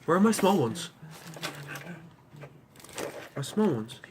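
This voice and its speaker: A young adult with a voice of middling pitch talks in a loose, rambling way. They tell stories and laugh at their own jokes. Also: very animated, slow pace, noisy background. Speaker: co-host. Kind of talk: casual chat.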